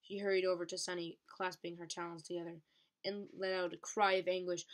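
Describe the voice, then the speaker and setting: A woman reading a novel aloud in a steady way, with occasional slips she corrects. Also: on the low side, a little fast. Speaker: reader.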